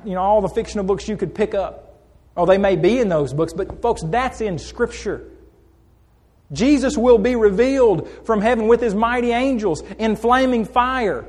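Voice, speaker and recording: A man preaches a sermon in a church. His voice sits high, and it echoes with long reverb through the hall. He asks the congregation questions, answers them himself and repeats phrases for emphasis.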